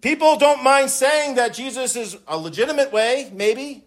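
A man's voice: very high voice, normal speed. A man preaching a sermon, emphatic and impassioned, repeating words for stress and swelling when he quotes scripture. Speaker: pastor.

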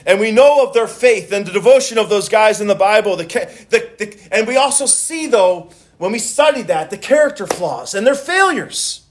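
A man's voice: high voice, expressive, moderate pace, few pauses. A male pastor preaching a sermon in a conversational way, often restarting and repeating words as he goes.

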